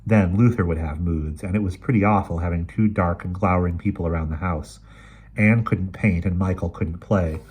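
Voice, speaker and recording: A man reading a short story aloud in a measured, expressive way. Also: sits low, slightly rough. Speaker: reader.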